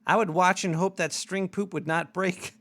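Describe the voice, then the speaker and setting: A man's voice: sits high, steady tone, moderate pace, fairly bright tone. A man hosting a casual talk show, rambling loosely and swearing, a bit drunk. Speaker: show host. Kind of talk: casual radio-show chat.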